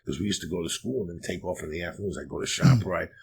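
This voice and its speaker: A man with a New York accent telling raunchy comic stories, profane and animated, often acting out other people's voices. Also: low voice, very fast, a little hiss or hum. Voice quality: gravelly, husky. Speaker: podcast guest storyteller.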